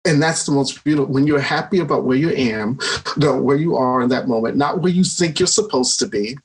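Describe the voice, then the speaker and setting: A man's voice: mid-range voice, a little fast, breathy edge. A man talking as a podcast guest in a casual conversation, enthusiastic and rambling, laughing often and restarting his sentences.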